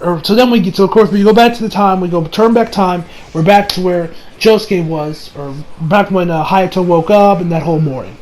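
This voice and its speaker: A man reviewing an anime episode in a casual, excitable recap, rambling, restarting sentences and swearing freely. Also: sits high, a little fast, hardly any pauses, a little hiss or hum, poor audio.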